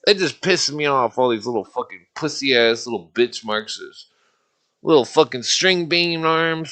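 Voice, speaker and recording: A gravelly man rants on his livestream, swearing constantly. His voice is bright and edged, and he rambles angrily, restarting his sentences. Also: mid-range voice. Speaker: livestream host. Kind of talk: ranting political livestream.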